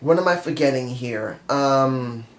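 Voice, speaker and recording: Brief: man, mid-pitch, casual solo reviewer, fired up and talking straight to camera, roomy echo on the recording. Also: unhurried, a little hiss or hum. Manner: passionate, emotional, talks straight to viewers. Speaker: wrestling show reviewer. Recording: echoey room.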